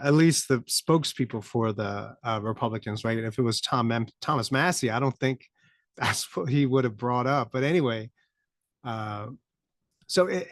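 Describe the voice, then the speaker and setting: A man's voice: medium pitch, dry recording. Dry-voiced man ranting with wry laughs. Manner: rambling, laughs in disbelief, rising to incredulous peaks. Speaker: podcast host. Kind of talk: casual political commentary.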